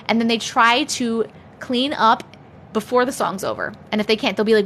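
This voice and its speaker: A woman's voice: on the high side, brisk, fairly bright tone, a little hiss or hum. Chatty, swearing woman on a livestream. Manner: chatty, laughs often, swears casually. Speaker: livestream host. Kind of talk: casual chat with viewers. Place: home.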